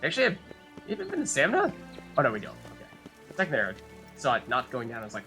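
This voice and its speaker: A man's voice: mid-range voice, huge pitch swings, rapid-fire, long pauses, sharp tone, soft background music. A man hosting a let's play, chatting casually and thinking aloud as he plays. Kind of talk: casual gameplay commentary.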